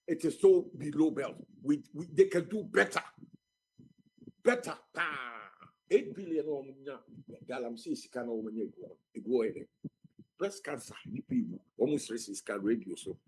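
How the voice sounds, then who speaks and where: A man's voice: a little high, a little mellow, slightly rough, poor audio. A man speaking passionately as a guest on a radio talk show. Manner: impassioned, mixing Twi and English.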